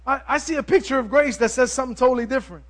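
A male preacher giving a lively, conversational sermon, joking with the congregation as he goes. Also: extremely high pitch, rapid-fire.

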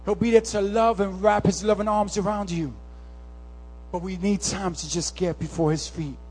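A man preaching a sermon, swinging from impassioned, near-shouted calls to hushed, conversational storytelling. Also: sits high, steady tone, moderate pace, a little hiss or hum. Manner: impassioned, rising to near-shouts, then softening to a hush; casual, conversational storytelling with slang.

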